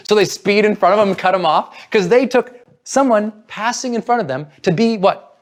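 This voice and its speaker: A man's voice: high voice, moderate pace. A man giving an earnest motivational talk, coaching listeners and acting out their inner voices. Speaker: motivational speaker.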